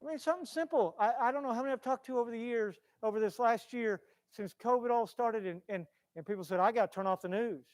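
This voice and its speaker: Impassioned high-voiced male preacher. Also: quick pace, hardly any pauses, dry recording. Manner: impassioned, swings from loud to hushed, repeats phrases. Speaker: pastor. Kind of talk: sermon. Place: church.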